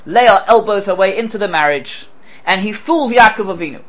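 In a lecture on scripture, a Torah teacher's voice sits high and sounds a bit bright, and he speaks with animation at a moderate pace. He quotes Hebrew verses and translates them, along with asking rhetorical questions. The audio quality is poor.

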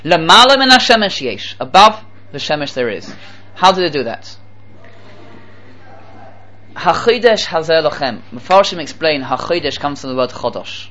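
A man giving a Torah talk as a sermon, animated and repeating phrases for emphasis, with Hebrew terms mixed in. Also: a little high, normal speed, long pauses. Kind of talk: sermon with storytelling.

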